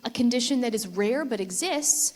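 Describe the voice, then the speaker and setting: A woman with a bright, high voice speaks to a conference audience. She tells a story to make her point and asks the listeners questions as she goes. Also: animated, moderate pace. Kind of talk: persuasive talk with storytelling. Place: conference hall with live audience.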